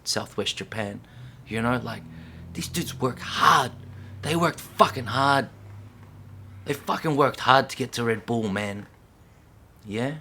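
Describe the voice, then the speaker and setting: A male breakdancer with a fairly low-pitched voice delivers a fiery, foul-mouthed rant at the camera, alternating loud bursts with quiet whispers and repeating lines to drive them home. Faint hiss or hum is audible.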